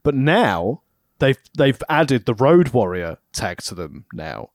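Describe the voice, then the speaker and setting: A man's voice: medium pitch, very animated, slow pace, dry recording, studio quality. A man co-hosting a casual chat, making wry jokes. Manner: wry, jokey. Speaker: podcast co-host.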